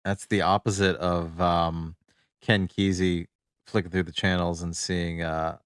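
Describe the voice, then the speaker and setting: A man's voice: low voice, little pitch movement, a little slow, clear, resonant tone, dry recording, clean studio sound. A man co-hosting a casual podcast, chiming in with brief reactions and chatty asides. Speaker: podcast co-host.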